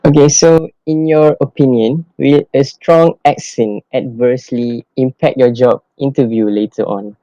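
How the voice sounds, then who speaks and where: Mellow young man asking questions. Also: medium pitch, fairly even intonation, a little slow, few pauses, dry recording, lo-fi sound. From Malaysia. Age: young adult. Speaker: student interviewer. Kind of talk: reading interview questions.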